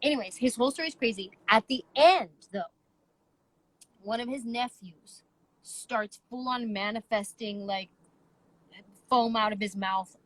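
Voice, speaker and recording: A woman in her thirties hosting a podcast, telling a story in casual chat with emphatic, animated delivery. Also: on the high side, measured pace, long pauses, rough recording. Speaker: podcast host.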